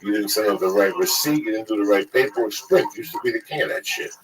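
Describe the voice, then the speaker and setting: A man's voice: on the low side, quick pace, a crowd in the background. A man in his sixties in casual chat, telling rambling, profane stories as a podcast host. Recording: distant mic with loud background noise.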